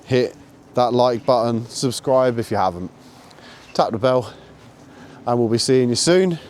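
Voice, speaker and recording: A man chatting casually outdoors while walking his dog, relaxed and explaining his training. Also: mid-range voice, unhurried, a little hiss or hum. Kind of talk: casual walking vlog chat. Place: outdoors on a walk.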